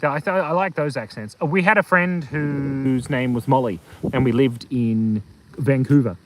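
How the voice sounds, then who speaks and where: A man's voice: mid-range voice, normal speed, background noise. A man hosting a casual live stream from a hilltop outdoors, rambling and telling silly jokes. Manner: goofy, joking, rambling with fillers. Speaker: kids' channel host.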